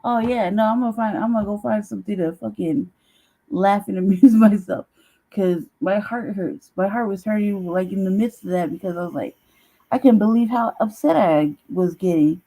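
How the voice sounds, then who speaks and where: Blunt swearing woman host, mellow voice. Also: medium pitch, normal speed, rough recording. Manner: blunt, heavy swearing, laughing between lines. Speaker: show host. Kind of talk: casual livestream chat.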